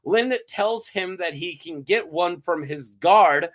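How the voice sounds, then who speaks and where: A man casually recapping fantasy story lore, playful and quick to laugh, with lots of fillers. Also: high-pitched. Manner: playful, animated, laughs often, many fillers. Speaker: host of a fantasy lore channel.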